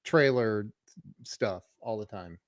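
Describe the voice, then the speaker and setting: A man's voice: fairly low pitch, slow pace, no room sound, clean studio sound. A man hosting a podcast, chatting casually with enthusiastic reactions. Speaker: podcast host. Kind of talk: casual conversation.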